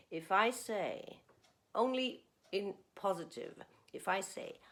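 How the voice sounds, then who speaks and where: Teaching English grammar online, this woman uses a mid-range voice at a slow pace. She's expressive and toys with intonation, frequently pausing to ask "okay?"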